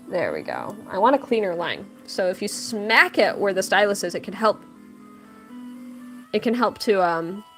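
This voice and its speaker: A young woman hosting a casual livestream, reading chat aloud, laughing often and telling stories with lively quoted voices. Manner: animated storytelling with big pitch jumps in quotes. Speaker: livestream host and artist.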